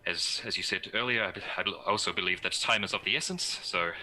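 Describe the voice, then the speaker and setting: A man speaking in character as a player in a tabletop game, formal and halting. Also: sits low, pushed and bright, poor audio.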